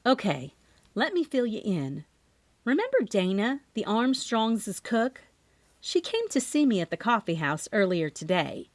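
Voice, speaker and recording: A woman voicing a cheerful young amateur sleuth in an audiobook, with a bright, upbeat delivery. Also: fairly high pitch, sing-song, measured pace, no room sound. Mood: explaining.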